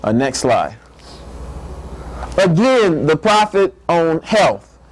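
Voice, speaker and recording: A middle-aged man, an imam, giving a playful, animated faith-based lecture to a live audience, often repeating words as he builds a point. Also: a little high, slow, slight background noise, poor audio.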